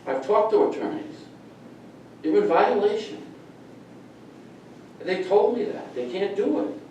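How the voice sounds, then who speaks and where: A man's voice: sits high, lively intonation, measured pace, darkish tone, dull audio, a little hiss or hum. A middle-aged man speaking during public comment at a town meeting, angry and emphatic, repeating his points. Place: town hall meeting room. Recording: echoey meeting room from far off.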